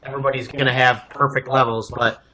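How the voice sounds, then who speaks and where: A man's voice: mid-range voice, level tone, quick pace, crowd noise. A man co-hosting a casual livestream, chatty and joking as he answers viewer comments. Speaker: co-host and culinary school graduate.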